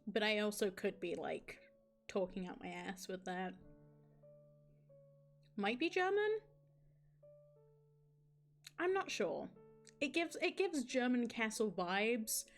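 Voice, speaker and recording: A woman's voice: mid-range voice, animated, slow pace, pauses often, soft background music. Rambling, self-mocking woman streamer. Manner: rambling, self-mocking chat with frequent restarts. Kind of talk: reading a visual novel aloud on a live stream.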